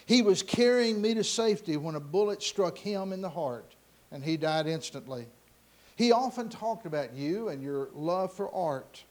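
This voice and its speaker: A man voicing a humble young soldier who speaks in a soft, earnest way. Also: high voice, expressive, normal speed.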